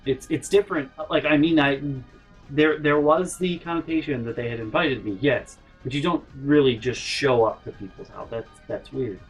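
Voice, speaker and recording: Husky man telling a rambling comic story. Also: mid-range voice, moderate pace, faint music behind, rough recording. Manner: animated, rambling, swears freely, mock-indignant asides. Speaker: storytelling vlogger. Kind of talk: casual comedic storytelling.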